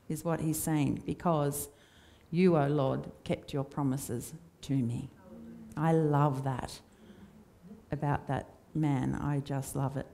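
A woman's voice: sits low, steady tone, slow pace, vocal fry. A woman preaching a sermon in a church, conversational and storytelling in her delivery. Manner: conversational, warm storytelling with acted quotes.

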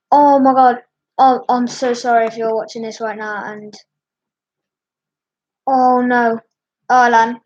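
A young woman vlogs in a slow, husky voice that is slightly high. She sounds panicked and apologetic, and keeps repeating herself. The recording is dull and lo-fi. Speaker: YouTuber. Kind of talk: distressed vlog commentary.

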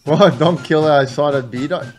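A man streaming a war game, bantering and swearing with teammates over voice chat, shouting mock officer commands. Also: fairly high pitch, moderate pace, soft background music. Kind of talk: casual gaming banter with voice chat.

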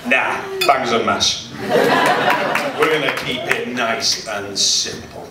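A man's voice: mid-range voice, slow pace. Chatty comedian in his forties. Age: 40s. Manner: chatty, jokes with the crowd. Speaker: stand-up comedian. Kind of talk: live stand-up set. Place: hotel function room at a comedy night. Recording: roomy distant live recording with loud noise.

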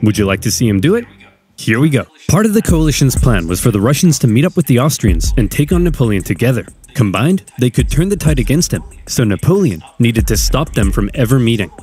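Lively man narrating comic history. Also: medium pitch, brisk, husky. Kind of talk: scripted comedic history narration.

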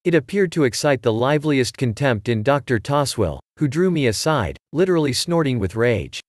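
Male audiobook narrator, measured, dry studio sound, mid pitch. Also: very animated, no echo. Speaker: audiobook reader. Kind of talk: scripted narration.

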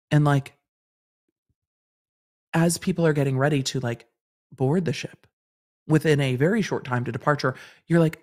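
A woman's voice: low voice, normal speed, pauses often, a little mellow. A woman in her forties from Los Angeles hosting a casual livestream, chatting and reading viewer comments, often repeating phrases for effect. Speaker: host and lawyer commentator.

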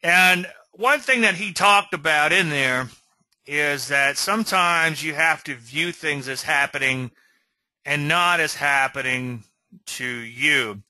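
A man's voice: a little high, slow, bright, forceful tone, no room sound, rough recording. A man hosting an informal trading lecture, rambling through conversational asides and often checking in with "okay?". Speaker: trading educator and show host.

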